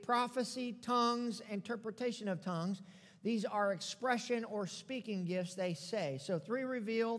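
High-voiced pastor preaching in a reverberant hall. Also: male voice. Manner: preaching with call-and-response, repeats phrases for emphasis. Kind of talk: sermon. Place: church sanctuary. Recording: long reverb of a church hall.

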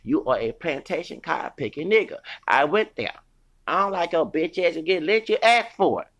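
A man's voice: on the high side, lively intonation, normal speed, fairly bright tone. A man hosting a podcast, delivering a heated, profane, rambling solo rant full of restarts.

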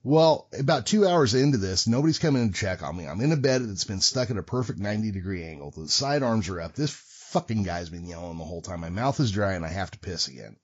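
Middle-aged guy, lowish voice, profane storyteller, muffled lo-fi audio. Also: fast talker, hardly any pauses. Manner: profane, animated, acts out voices. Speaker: podcast guest storyteller. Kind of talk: casual storytelling. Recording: dull lo-fi recording.

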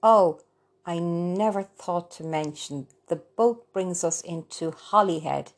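A woman reading the lines of an eager, affectionate young daughter in a storybook, in a low, creaky voice. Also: slow.

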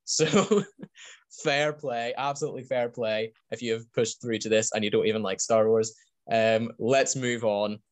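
A man hosting a casual podcast chat, enthusiastic and rambling, laughing often. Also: lowish voice. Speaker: podcast host.

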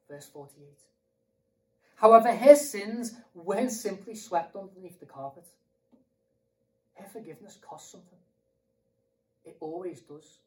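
A man's voice: high-pitched, dark tone, recorded from a distance, poor audio. A British man preaching a sermon in a conversational way, asking rhetorical questions and repeating himself.

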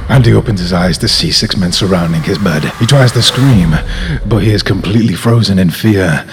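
A man hosting a podcast, reading a mock-horror story in a dramatic, drawn-out way. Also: lowish voice, in a large hall. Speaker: podcast host.

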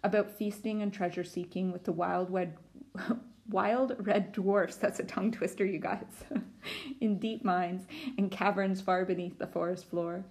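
A woman's voice: medium pitch, fairly even intonation, measured pace, darkish tone. A woman teacher reading a storybook aloud to children, with chatty asides to her listeners.

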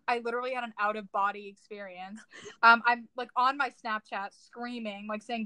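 A young woman co-hosting a podcast, chatting in an excitable, dramatic way full of fillers. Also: on the high side, moderate pace, smooth, no room sound, poor audio. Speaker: podcast co-host. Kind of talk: casual chat.

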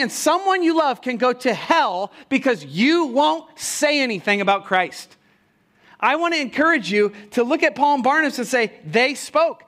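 Male pastor, high-pitched, punchy animated sermon delivery with rhetorical questions. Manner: animated preaching with rhetorical questions and mock quotes.

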